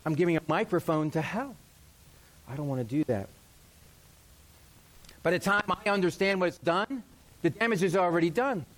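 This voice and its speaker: A middle-aged man preaching a sermon, animated and playful, acting out quoted voices with self-deprecating humor. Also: sits high, normal speed, long pauses. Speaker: pastor.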